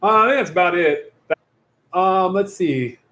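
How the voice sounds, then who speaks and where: As a youth pastor hosting a casual youth Q&A livestream, this man rambles chattily and often cuts himself off mid-sentence. His high voice is expressive and sharp, and he speaks unhurriedly. A computer or phone mic captures him in an echoey room.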